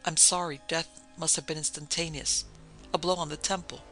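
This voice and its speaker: A man reading a calm little doctor. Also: a little high, moderate pace, faint music behind. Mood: grave.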